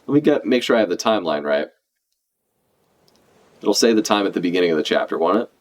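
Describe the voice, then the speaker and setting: A man with a low voice reacts live to a comic, chatting casually and swearing freely. His pitch swings widely as he talks over what he reads, animated and unscripted. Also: quick pace.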